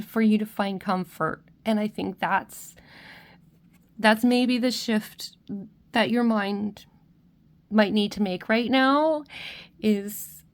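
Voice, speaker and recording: A woman giving a spiritual tarot reading to her viewers. She is tearful and emotional, and she speaks gently with many restarts and soft check-ins. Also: on the high side. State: tearful, crying at times. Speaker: tarot reader.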